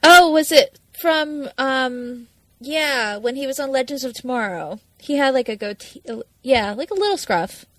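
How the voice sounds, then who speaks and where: A woman co-hosting a podcast, chatting casually with quick asides. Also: high voice, lively intonation, dry recording. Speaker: podcast co-host.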